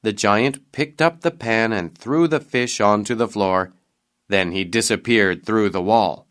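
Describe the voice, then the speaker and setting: Low-voiced man reading a storybook aloud. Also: unhurried, a bit bright. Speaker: narrator. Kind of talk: scripted narration of a graded reader.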